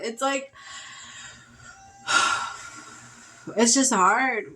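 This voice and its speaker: A woman's voice: on the high side, fairly even intonation, slow, pauses often, pushed and bright, slight background noise. A woman giving a casual tarot reading, speaking in an emotional, rambling way with sighs and restarts. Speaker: tarot reader.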